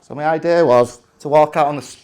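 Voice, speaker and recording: A man's voice: fairly high pitch, quick pace, darkish tone. A man, telling a chatty, self-mocking story from the stage with plenty of restarts. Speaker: conference speaker.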